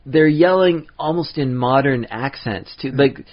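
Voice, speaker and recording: On lo-fi audio, this man co-hosts a podcast in a relaxed, rambling chat full of laughter and restarts. His pitch is medium, his speed normal, and he barely pauses.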